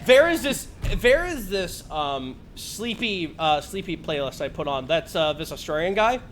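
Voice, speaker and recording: Man streamer, high bright voice, animated, swears and laughs, faint hum. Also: a little slow. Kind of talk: casual chat while gaming.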